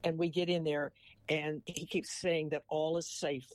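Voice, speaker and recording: A man's voice: on the high side, flat delivery, unhurried, no room sound. Older man telling a folksy story. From Missouri. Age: 80s. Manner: folksy storyteller who ends a joke with a moral. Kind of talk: casual chat.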